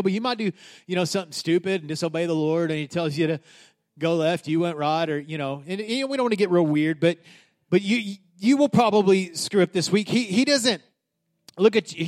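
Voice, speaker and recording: A man in his thirties, a pastor preaching a sermon in a casual, emphatic way, often restarting his sentences. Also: high-pitched.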